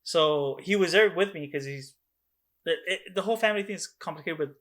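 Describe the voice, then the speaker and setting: Young male co-host, bright and excitable, swears freely, casual video-call podcast. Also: on the high side, brisk. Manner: excitable, swears a lot, animated storytelling. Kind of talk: casual chat.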